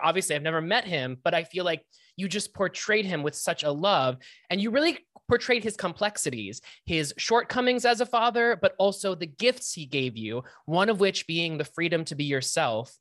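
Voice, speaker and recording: A woman host with a notably low voice, recorded dry and close with no room sound. She speaks earnestly and pours on heartfelt praise for her guest. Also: a bit bright, no echo. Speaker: podcast host. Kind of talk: interview.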